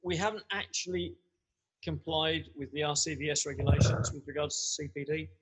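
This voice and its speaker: A man's voice: a little high, steady tone, brisk, slightly rough. A man co-hosting a podcast, jovial and chatty as he wraps up the show. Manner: jovial, wrapping things up warmly. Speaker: podcast co-host. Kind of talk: casual chat.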